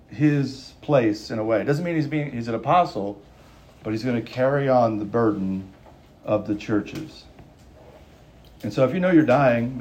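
A man's voice: mid-range voice, darkish tone, slight background noise. A man preaching a sermon, emphatic and urgent, repeating key lines and changing his pace. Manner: emphatic, repeats lines for stress, speeding up and slowing down. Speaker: pastor.

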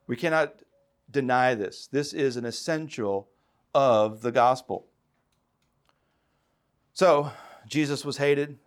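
A man preaching a sermon as a pastor, building to emphatic calls and acting out quoted voices. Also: mid-range voice. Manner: impassioned, rising to emphatic calls.

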